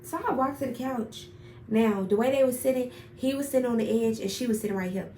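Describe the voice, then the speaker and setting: A young woman telling a personal story in a casual, animated, profane way, getting worked up as she retells it. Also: a little high, brisk. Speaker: storyteller vlogger. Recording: roomy echo, far from mic, faint noise.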